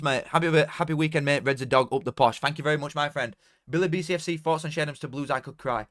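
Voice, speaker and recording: Excitable Yorkshire lad streaming football. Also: male voice, a little high, quick pace. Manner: excitable, swears freely, bursts into shouting at goals. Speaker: streamer hosting a football watchalong. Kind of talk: casual live stream commentary.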